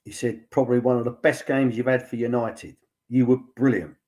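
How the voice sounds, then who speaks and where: A man's voice: medium pitch, fairly even intonation, a little fast, dark tone. An older man, a former football academy director, chatting as a guest and retelling stories with many fillers and repeated "he said.". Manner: chatty storyteller, lots of "he said" and fillers. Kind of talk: anecdotal casual chat.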